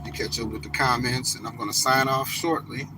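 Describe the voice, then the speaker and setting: A man hosting a casual live stream, talking to his viewers in a slow, emphatic, preachy way. He stretches out the words he wants to stress. Steady car and road noise runs loudly under his voice. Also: mid-range voice. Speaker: livestream host.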